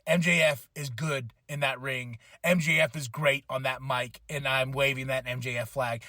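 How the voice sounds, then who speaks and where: A man hosting a podcast, recapping a wrestling show with animated enthusiasm and occasional excited shouts. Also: mid-range voice, moderate pace, no room sound, studio quality. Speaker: podcast host.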